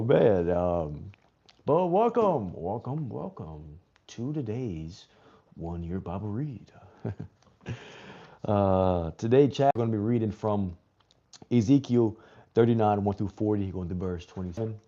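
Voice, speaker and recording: A laid-back man hosting a livestream, chatting loosely with viewers and reading scripture aloud. His voice sits low and mellow, and his talk is easygoing and slangy. The stream audio is dull and lo-fi. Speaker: livestream host reading the Bible. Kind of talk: casual livestream chat and Bible reading.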